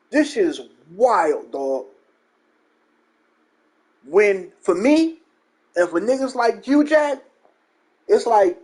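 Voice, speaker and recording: High-voiced man ranting about games. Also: darkish tone. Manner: profane, mocking, emphatic. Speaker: gaming channel host. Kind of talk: ranting gaming commentary.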